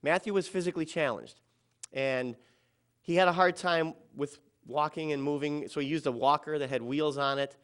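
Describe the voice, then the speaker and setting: A middle-aged man telling a personal story about a children's ball game, dramatic and quoting others in softer or louder voices. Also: on the high side, moderate pace, clear, resonant tone.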